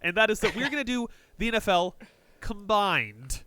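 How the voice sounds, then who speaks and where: A man's voice: high-pitched, fast, a little hiss or hum. A man co-hosting a casual sports podcast, joking around, punning and swearing as he leads the segments. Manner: jokey, excitable, swears, punning asides. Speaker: podcast co-host.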